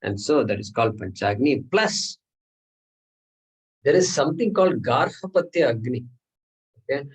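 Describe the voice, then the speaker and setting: Husky and medium-pitched, this man's voice moves through big pitch swings at a moderate pace, broken by long pauses, on a low-quality recording. He's giving a scripture class lecture in a classroom, explaining step by step, asking "okay?" often, and posing rhetorical questions.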